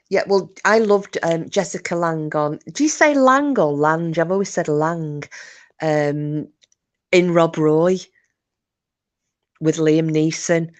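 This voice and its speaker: A woman hosting a livestream, chatting casually and rambling as she answers viewer comments. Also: low-pitched. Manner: chatty, rambling, chuckling asides. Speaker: livestream host.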